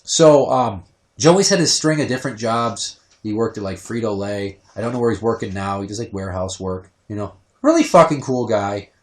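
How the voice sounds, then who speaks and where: A young man hosting a casual podcast, telling stories with lots of swearing and sudden shouted outbursts. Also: on the low side, normal speed. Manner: profane, animated storytelling with shouted outbursts. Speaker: podcast host.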